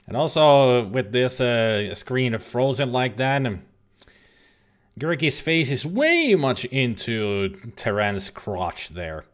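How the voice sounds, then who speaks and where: This streamer has a medium-pitched, animated voice and talks slowly. His let's-play commentary is casual and rambling, chatty and jokey, with the occasional swear word.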